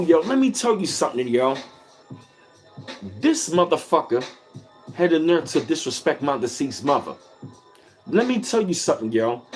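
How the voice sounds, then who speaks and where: A man on a casual livestream speaks in a somewhat high, very animated voice, swinging his pitch up and down as he drives each point home. His delivery is emphatic and repetitive, full of swearing, and he calls out chat viewers by name. Faint music plays behind him. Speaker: livestream host reading chat.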